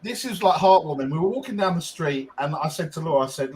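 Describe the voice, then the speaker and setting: A man's voice: a little high, expressive, fairly quick, a little hiss or hum, poor audio. A man co-hosting a podcast, telling a long casual story with lots of ums and restarts. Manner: rambling, frequent ums and restarts. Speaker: podcast co-host.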